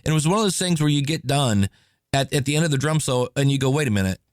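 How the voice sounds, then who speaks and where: A man hosting a podcast, telling stories in a casual, animated way and acting out quotes. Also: mid-range voice, fast talker, no echo, clean studio sound. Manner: animated, chatty, acts out quotes. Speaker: podcast host. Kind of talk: casual solo podcast storytelling.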